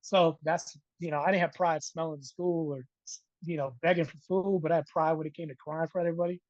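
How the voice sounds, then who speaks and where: A middle-aged man telling a personal story in a casual interview, animated and checking in with "right?" over and over. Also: fairly high pitch, fairly quick, no room sound, dull audio. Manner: animated, keeps adding "right?". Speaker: interview guest.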